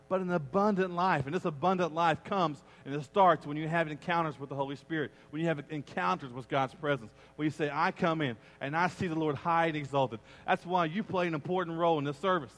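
A middle-aged man preaching a sermon as a pastor, animated and acting out the voices he quotes. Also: on the high side. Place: church sanctuary. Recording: long reverb of a large church hall.

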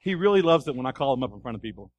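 A man preaching a sermon as pastor, animated, asking the congregation questions and acting out scenes. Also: medium pitch, rapid-fire, lo-fi sound. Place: church.

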